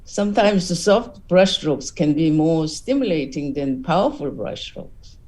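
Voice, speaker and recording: Low, slow woman giving art critique. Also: lively intonation, darkish tone, distant mic, poor audio. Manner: thoughtful, hesitant, with fillers. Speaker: juror.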